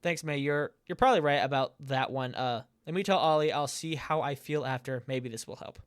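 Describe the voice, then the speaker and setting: A man's voice: on the high side, brisk, smooth, no room sound, studio quality. A man narrating his gameplay in a casual, chatty way, reading chat messages aloud and reacting with laughs and the odd swear. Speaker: let's play gamer.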